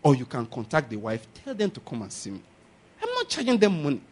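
A man's voice: on the high side, huge pitch swings, quick pace, a little mellow. A man with a Nigerian accent preaching a sermon, repeating his points emphatically and chuckling often. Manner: emphatic, repetitive exhortation with frequent chuckles.

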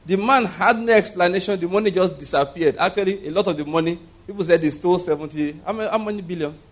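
Male preacher, slightly high voice, conversational sermon with call-and-response. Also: fast talker.

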